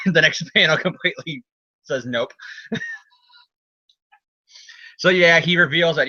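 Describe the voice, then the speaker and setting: A man's voice: on the high side, slow pace, long pauses, pushed and bright, dry recording, muffled recording. A man co-hosting a casual comic book talk show, rambling and laughing often as he acts out characters. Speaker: podcast co-host.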